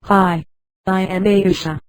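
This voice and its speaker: A computer-voiced woman reading the lines of a wary young woman, in a flat delivery. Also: mid-range voice, slow, no echo, lightly acted, low-quality recording.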